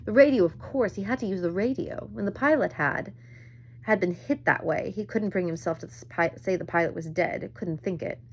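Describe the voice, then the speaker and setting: A woman reading a novel aloud at a measured pace, with occasional small slips. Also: medium pitch, slightly rough. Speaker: reader.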